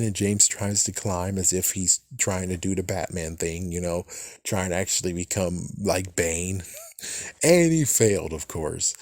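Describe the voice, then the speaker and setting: A man's voice: fairly low pitch, darkish tone, no echo, studio quality. A man giving a casual, rambling recap of a TV episode. He swears often and laughs at his own jokes. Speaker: TV episode reviewer.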